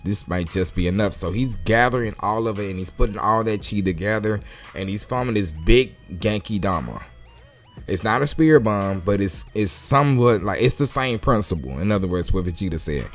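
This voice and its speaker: A man's voice: fairly low pitch, animated, normal speed. Laid-back man reviewing manga. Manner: casual, chatty, laughs often. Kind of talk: casual chat. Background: faint music.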